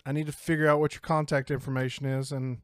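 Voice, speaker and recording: A man's voice: mid-range voice, flat delivery, fast, clear, resonant tone, no room sound. Male podcast host, casual and rambling, curses freely, dry close mic. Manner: rambling storyteller, swears freely. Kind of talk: casual chat.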